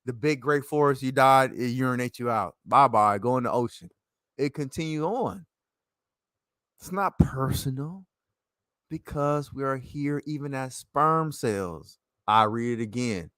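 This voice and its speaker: A man's voice: mid-range voice, measured pace, no room sound. Rambling man with a dry close sound. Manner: rambling, swings between loud and soft. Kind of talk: casual monologue.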